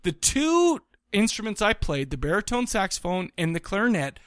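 A man in his thirties chatting on a podcast, rambling excitedly and tripping over restarts. His voice sits fairly high and sounds dry and close. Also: normal speed, clear, resonant tone, no echo. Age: 30s. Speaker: podcast co-host. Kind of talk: casual chat.

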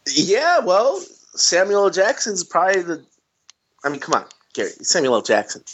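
A man co-hosting a casual movie chat, animated and complaining, repeating himself for emphasis. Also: sits high, moderate pace, slight background noise. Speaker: podcast co-host. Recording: dull lo-fi recording.

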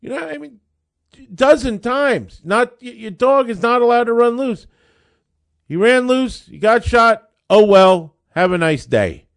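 A man voicing a small-town police officer who bluntly dismisses a complaint, in a raised, loud voice. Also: very high-pitched, animated, a little slow, pitched above the performer's own voice, heavily acted. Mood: dismissive.

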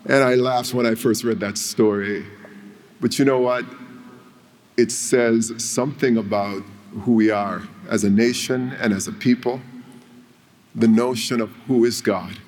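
A male preacher delivering a sermon, telling a story with dramatic pauses. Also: medium pitch, fairly even intonation, darkish tone. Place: church. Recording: long reverb of a church hall.

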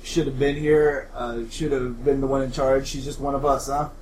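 A man's voice: medium pitch, level tone, moderate pace, a little mellow, a little hiss or hum, natural voice, rough recording. A game master voicing a buff, laid-back young male camp counselor with a lazy, bro-ish drawl. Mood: chummy.

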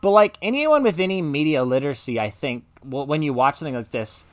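A man's voice: a little high, animated, fast talker, no echo. A man co-hosting a podcast, chatting casually in a rambling way with lots of filler words. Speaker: podcast co-host. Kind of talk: casual chat.

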